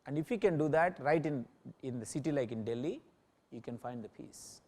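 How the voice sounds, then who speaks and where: A male yoga teacher talks to his class in a loose, conversational way, often stopping to ask if they follow. His voice sits at an ordinary middle pitch. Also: lively intonation, fairly quick, darkish tone. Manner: conversational, checks in with "Okay?" often. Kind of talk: informal talk to a class. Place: yoga center in New Delhi.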